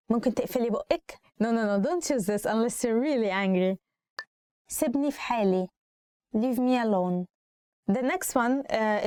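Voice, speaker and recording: A woman's voice: medium pitch, darkish tone, no room sound, clean studio sound. A woman with an Egyptian accent teaching spoken Arabic, saying each phrase twice and then explaining it in English. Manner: repeats phrases slowly, then translates. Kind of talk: language lesson.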